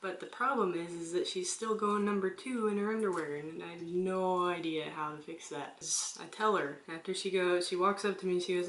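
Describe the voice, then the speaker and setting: A young woman, a stay-at-home mom, chatting casually on her vlog with wry, deadpan asides. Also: lowish voice, brisk, hardly any pauses. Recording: echoey room, faint background hum.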